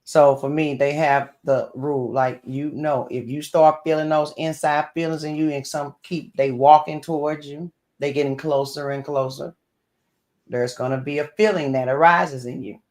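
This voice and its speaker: A man co-hosting a casual chat show, telling relaxed stories about his own parenting. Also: fairly high pitch, normal speed. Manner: relaxed, storytelling. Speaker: co-host.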